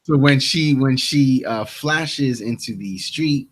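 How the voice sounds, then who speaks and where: A man's voice: medium pitch, slow. A young man co-hosting a podcast, casually retelling TV scenes and acting out the characters' lines with many restarts. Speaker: podcast co-host. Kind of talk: casual TV recap chat.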